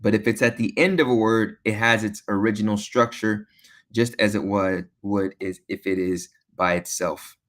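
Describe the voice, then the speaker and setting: A man teaching a beginner lesson, patient, repeating each sound slowly and checking in with "okay?" often. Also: lowish voice, steady tone, a bit bright. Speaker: Arabic teacher.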